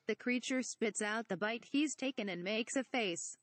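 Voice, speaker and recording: A woman's voice: on the high side, moderate pace, few pauses, no echo. A woman reading the stage directions of a fan parody script in a plain, matter-of-fact way. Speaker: reader.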